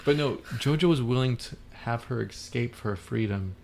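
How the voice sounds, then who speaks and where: Gravelly-voiced man in casual film chat. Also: medium pitch, moderate pace, darkish tone, slight background noise. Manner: retells movie scenes step by step, slipping into quoted dialogue. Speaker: podcast co-host.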